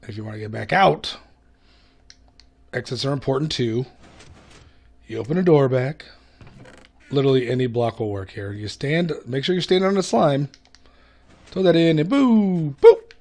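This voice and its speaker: A man's voice: mid-range voice, expressive, normal speed, gravelly, pauses often. A man hosting a gaming video, giving casual gameplay commentary in a chatty, self-mocking way. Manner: chatty, self-mocking, hums and laughs to himself.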